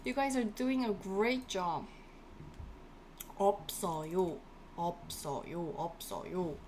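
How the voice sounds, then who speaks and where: A woman's voice: lowish voice, moderate pace, darkish tone. A woman runs a live-streamed language class, drilling each word again and again. She talks animatedly and chats with her viewers. A faint hiss sits under her voice. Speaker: Korean language teacher.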